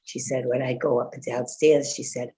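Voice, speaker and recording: A woman's voice: very deep voice, fairly even intonation, normal speed, mellow. An older woman chatting casually with fellow congregants, telling a rambling story full of fillers and quoted speech. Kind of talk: casual chat.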